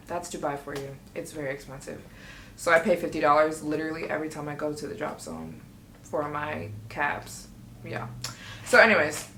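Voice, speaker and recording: Chatty, excitable woman vlogger in an echoey room. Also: sits low, slight background noise. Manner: chatty, excitable, quotes herself often. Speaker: travel vlogger. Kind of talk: casual storytelling vlog.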